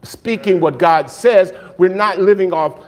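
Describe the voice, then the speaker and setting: High-voiced man preaching with animated fervor. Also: measured pace. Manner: animated preaching, asks rhetorical questions and answers them; jokes and laughs between points. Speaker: pastor. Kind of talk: sermon.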